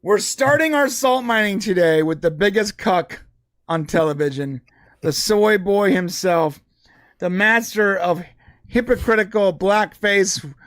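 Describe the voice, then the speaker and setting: Sarcastic man, high voice, rambling, mocking, casual podcast chat. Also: measured pace, a bit bright, no echo, clean studio sound. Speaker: podcast co-host. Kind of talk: casual political commentary.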